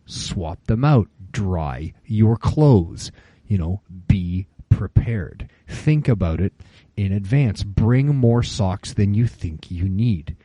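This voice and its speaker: A man in his late forties chatting casually on a podcast, telling stories and acting out quotes in higher voices. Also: dark tone, no room sound. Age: 40s. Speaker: podcast co-host. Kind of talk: casual chat.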